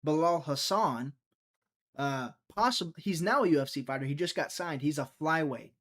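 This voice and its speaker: Hosting a casual stream, a young man from Mississippi, USA jokes and wanders from topic to topic, reading the chat aloud and replying to it. His somewhat high voice has a fairly bright tone and a normal speed.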